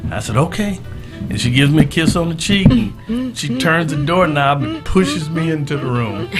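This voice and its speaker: A man in his fifties from Southern California spins a story as a guest, his slightly high voice swinging all over the place as he acts out the people in it. He talks with a laugh in his voice, and clear music plays underneath. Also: expressive, moderate pace. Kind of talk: animated storytelling. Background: background music.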